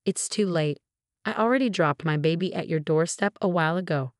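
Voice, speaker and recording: A woman's voice: fairly low pitch, a little fast, no room sound, clean studio sound, close to an everyday voice. A woman voicing a scheming young mother who shrugs off blame with careless, evasive replies. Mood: flippant. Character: scheming flippant young mother, a sister-in-law.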